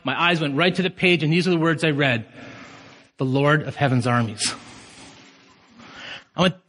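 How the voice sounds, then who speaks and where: Male pastor, passionate sermon delivery, sharp bright tone, church reverb. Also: fairly high pitch, normal speed, pauses often. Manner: passionate preaching, surges to shouts. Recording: long hall reverb.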